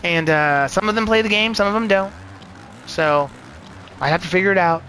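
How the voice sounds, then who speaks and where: A man streaming a racing game live, talking in a rambling, profane and excitable way. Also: high voice, normal speed, slight background noise, rough recording. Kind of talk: live gameplay commentary.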